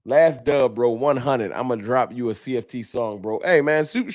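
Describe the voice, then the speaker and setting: A man's voice: mid-range voice, normal speed. A man hosting a casual sports fan livestream, talking loose and slangy as he reads out viewer donations. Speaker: fan talk show host.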